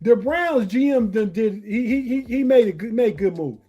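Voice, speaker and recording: A man's voice: very high voice, lively intonation, moderate pace, warm tone, slightly rough, soft background music. A man co-hosting a live sports podcast, often stammering and repeating words. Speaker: podcast co-host. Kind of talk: casual sports chat.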